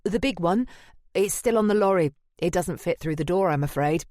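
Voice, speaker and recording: A man's voice: high voice, moderate pace, darkish tone, no room sound, clean studio sound, lightly acted. A woman doing a jokey, breezy young man. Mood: apologetic. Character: joking, easygoing British male gallery partner.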